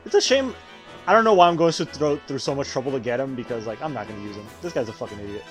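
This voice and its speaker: A man streaming a video game, giving casual commentary full of swearing and animated rants. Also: medium pitch, rapid-fire, faint music behind.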